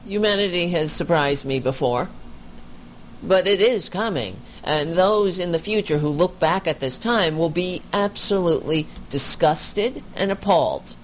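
A commentator reacting to a video in a slow, deliberate delivery, the pitch swinging widely as indignation builds. Sarcastic asides cut through the commentary. A faint hiss sits under the voice. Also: animated.

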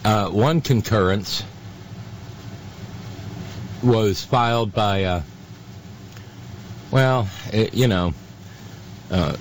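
A man hosting a radio talk show, talking in a halting way full of fillers and restarts, with sardonic asides. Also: lowish voice, slight background noise. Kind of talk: casual on-air commentary.

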